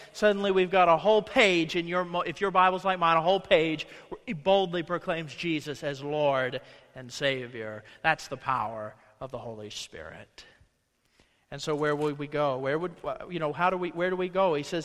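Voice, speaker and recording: A man's voice: fairly high pitch, moderate pace, a bit bright, long reverb tail. A man preaching a conversational sermon as pastor in a church, slipping into quoted voices. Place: church sanctuary.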